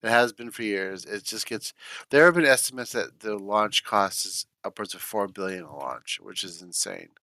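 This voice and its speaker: A man with a low, bright, forceful voice speaks on a podcast panel. He gives blunt, dismissive opinions in casual conversation. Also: normal speed, no echo. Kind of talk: casual chat.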